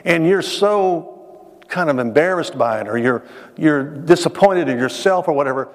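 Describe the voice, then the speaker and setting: A man's voice: on the high side, lively intonation. A man preaching to his congregation in a church, mixing scripture with a personal story, asking the listeners questions and repeating words as he builds to his points. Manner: conversational, addresses the congregation directly with questions; restarts phrases, dramatic pauses. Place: church sanctuary. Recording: reverberant hall sound.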